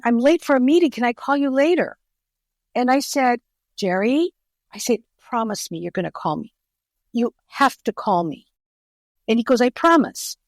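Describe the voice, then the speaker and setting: A middle-aged guest author tells personal stories in a podcast interview, animatedly acting out the voices of the people she quotes. Her voice is medium in pitch with no echo.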